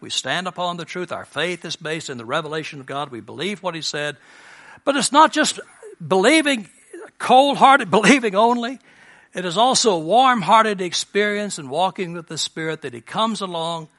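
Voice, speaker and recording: A man preaching a sermon in a bright, forceful voice, pitched a little high for a man. He is earnest and shifts between emphatic, raised lines and soft, hushed ones. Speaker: pastor.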